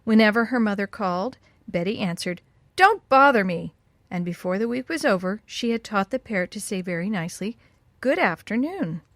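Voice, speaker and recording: A woman narrating a children's story in an expressive, lilting read-aloud style. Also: mid-range voice, quick pace, no echo.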